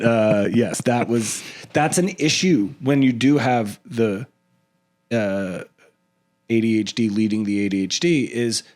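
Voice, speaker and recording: A man's voice: mid-range voice, darkish tone. A man guesting as a comedian on a chat show, talking in a rambling way with frequent restarts and self-deprecating asides.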